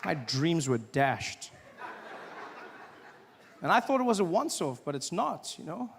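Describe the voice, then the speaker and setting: A man from South Africa performing stand-up comedy, animated and mocking. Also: on the high side, a little slow, creaky, crowd noise, background noise. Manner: animated, mocking, acts out voices. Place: large theatre stage. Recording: live stage in a big hall, laughing audience.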